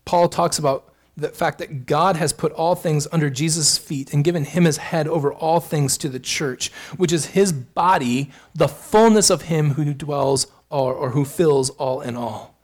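A man's voice: on the high side, a little mellow. Earnest male pastor preaching. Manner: earnest preaching, rising emphasis, quick asides. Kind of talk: sermon.

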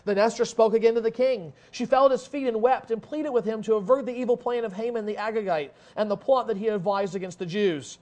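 High-voiced male preacher reading scripture. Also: fast talker, hardly any pauses, darkish tone. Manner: dramatic scripture reading with strong emphasis; conversational asides with small restarts. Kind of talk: sermon, reading and explaining scripture.

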